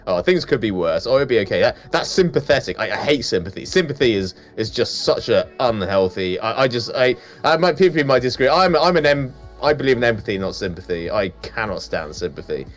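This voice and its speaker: A man's voice: mid-range voice, animated, fairly quick, hardly any pauses, faint music behind. A man co-hosting a casual chat stream, blunt and emphatic, swearing freely. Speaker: stream co-host.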